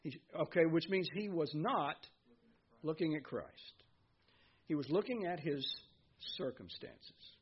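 A man's voice: fairly high pitch, expressive, measured pace, husky, dull audio. A man preaching a sermon as pastor, reading scripture and asking his listeners questions. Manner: earnest preaching, reads scripture aloud, asks the congregation questions.

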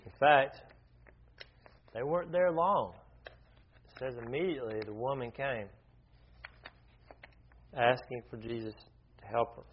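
A man's voice: mid-range voice, a little slow, pauses often, a little hiss or hum. A man leading an informal Bible study, talking conversationally, often restarting his sentences and asking the group questions. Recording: dull lo-fi recording.

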